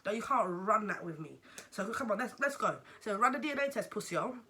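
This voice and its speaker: A young woman with a London accent, telling a story to camera in a casual, animated way and swearing freely. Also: mid-range voice, a little fast, a little hiss or hum. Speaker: vlogger.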